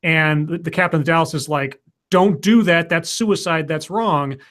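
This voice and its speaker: Male podcast co-host, slightly higher pitch, rambling casual plot recap. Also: moderate pace, pushed and bright. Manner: rambling retelling with fillers and restarts. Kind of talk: casual movie recap chat.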